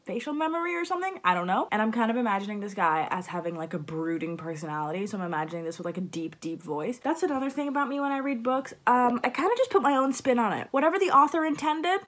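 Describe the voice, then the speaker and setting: A young woman chatting casually in a book vlog. She gives dramatic, opinionated takes and jumps into sudden bursts of excitement. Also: a little high, quick pace, hardly any pauses. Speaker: book vlogger.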